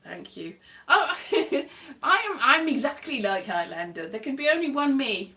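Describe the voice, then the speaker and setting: A woman's voice: high-pitched, sing-song, normal speed, bright, forceful tone, distant mic. A woman in her twenties chatting casually and self-mockingly on a livestream, laughing often. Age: 20s. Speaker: livestream host.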